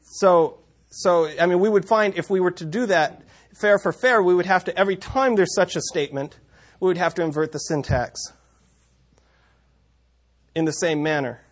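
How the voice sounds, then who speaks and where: A man's voice: sits high, moderate pace, pauses often. A man teaching a Bible passage in a conversational way, reading verses aloud and stopping often to correct himself. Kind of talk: scripture teaching talk.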